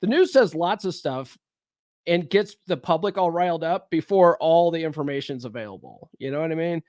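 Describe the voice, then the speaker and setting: A man's voice: on the high side, moderate pace, a little mellow, dry recording, clean studio sound. A man hosting a casual livestream, rambling and conversational, recovering from a cold. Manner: rambling, conversational, frequent fillers and restarts. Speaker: livestream host.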